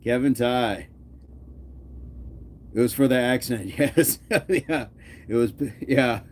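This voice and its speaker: A man's voice: mid-range voice, slow. A man hosting a fitness channel, chatting casually with his live chat, joking often and laughing. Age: adult.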